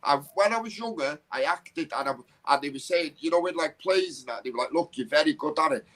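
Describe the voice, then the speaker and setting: A man's voice: fairly high pitch, lively intonation, brisk, a bit bright. A man chatting on a video call, boisterous and blunt, swearing freely and calling people bro and mate. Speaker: guest on a live stream. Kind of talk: casual banter.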